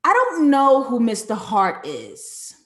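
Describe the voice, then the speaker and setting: A woman hosts a live streamed breakdown of a series, thinking out loud and answering her chat as she goes. Her voice sits a little high, and she delivers it in an animated, conversational way. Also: takes it slowly. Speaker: live show host reading chat comments. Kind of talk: casual live-stream commentary.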